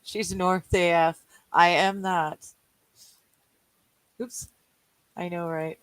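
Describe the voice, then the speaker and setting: A Canadian woman chats through a livestreamed card game, reading viewer comments aloud and laughing at her own jokes. She talks at an unhurried, drawn-out pace. Her voice sounds dry and close, with no room around it. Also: fairly low pitch, fairly even intonation, fairly bright tone, no echo, low-quality recording. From British Columbia, Canada. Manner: reads chat aloud and jokes, laughing often. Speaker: livestream co-host. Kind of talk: casual chat while playing a card game.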